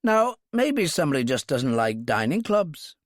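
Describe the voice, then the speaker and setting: A man's voice: fairly high pitch, very animated, normal speed, no echo, clean studio sound, voice pushed up. A man reading an audiobook, voicing a sardonic, cheeky Irish man with a cutting tongue.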